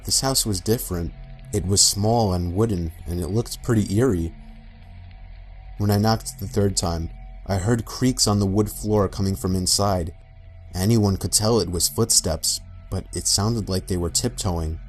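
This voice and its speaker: Low-voiced man narrating a horror story. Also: a little slow. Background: faint background music.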